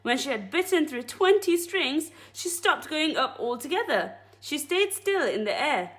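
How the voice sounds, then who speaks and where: A woman teacher reading a children's book aloud at story time, friendly and expressive. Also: sits high, measured pace.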